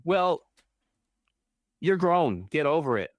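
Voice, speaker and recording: A man's voice: fairly high pitch, sing-song, takes it slowly, no room sound, clean studio sound. A young man co-hosting a casual comic book podcast, with a blunt and dismissive take. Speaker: podcast co-host.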